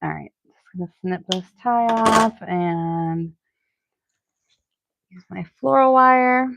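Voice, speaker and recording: A woman's voice: medium pitch, very animated, slow, fairly bright tone, dry recording, lo-fi sound. A middle-aged woman with a Boston accent, chatting casually and rambling with lots of fillers while she hosts a live crafting stream. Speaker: florist hosting a live stream.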